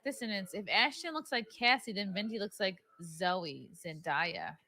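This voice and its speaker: A woman's voice: mid-range voice, lively intonation, normal speed. A woman joking around in a casual chat with friends, playful and teasing. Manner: playful, joking, loud bird calls. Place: large echoey house.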